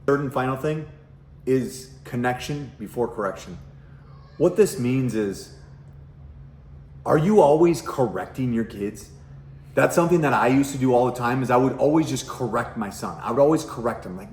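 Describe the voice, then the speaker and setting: A man's voice: medium pitch, lively intonation, normal speed, darkish tone, roomy sound, slight background noise. A middle-aged man, a parenting coach, talking bluntly to camera at home with lots of swearing and rhetorical questions. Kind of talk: casual direct-to-camera talk. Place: at home, kitchen nearby.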